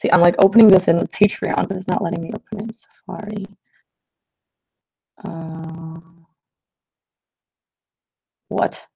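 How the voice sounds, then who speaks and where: A woman's voice: on the low side, steady tone, moderate pace, creaky, mellow, husky. A young woman artist chatting casually with viewers on a livestream as she paints, scattered and self-deprecating, with lots of fillers. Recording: slightly dull lo-fi livestream audio.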